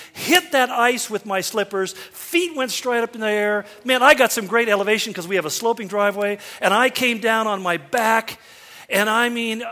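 A man's voice: high-pitched, sharp tone. A middle-aged man preaching a sermon, telling folksy, self-deprecating stories. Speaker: pastor. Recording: long hall reverb.

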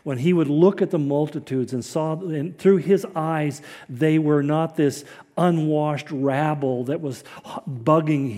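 A man delivers a relaxed, conversational sermon with a folksy, wry touch, laughing lightly at his own asides. His voice sits a little high for a man, with a mellow, soft-edged tone. The sound carries a long, hall-like reverb. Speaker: preacher.

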